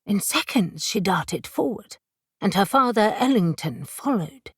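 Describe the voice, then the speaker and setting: Woman narrator, audiobook reading, measured and unhurried, voices her characters, dry studio sound. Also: medium pitch, animated, husky, no room sound. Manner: measured, voicing each character. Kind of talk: scripted narration.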